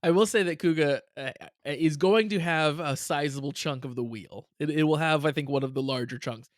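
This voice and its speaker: Casting: male podcast co-host, slightly high, chatty, dry close sound. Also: a little fast, no echo. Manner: chatty, laughs often, repeats words. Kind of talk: casual review chat.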